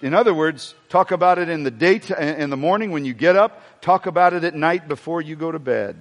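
A pastor with a voice on the high side preaches briskly to a congregation in a church sanctuary. He's animated, joking and asking the room questions as he goes, and a long hall reverb fills the recording.

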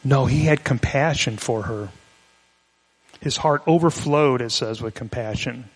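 Male pastor, conversational sermon, mid-pitched voice, long reverb of a church hall. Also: steady tone, unhurried. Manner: conversational, explanatory, with restarts.

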